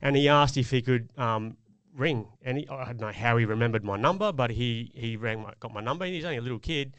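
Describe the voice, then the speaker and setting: Earnest man with a smooth voice. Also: medium pitch, quick pace, fairly bright tone, no room sound, dull audio. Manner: earnest, reflective storytelling. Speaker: podcast co-host. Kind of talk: casual chat.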